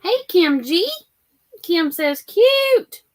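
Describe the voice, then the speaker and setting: A woman's voice: high-pitched, expressive, moderate pace, fairly bright tone. A middle-aged woman, chatting casually as a livestream host and reading out comments. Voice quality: chatty, rambling.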